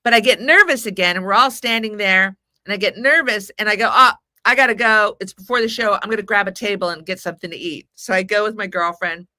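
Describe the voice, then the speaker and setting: Talking fast with hardly any pauses, a woman of Mexican heritage in her forties spins a long, rambling personal story on a podcast, acting out quotes along the way. Her voice is medium-pitched and sharp, recorded dry at studio quality.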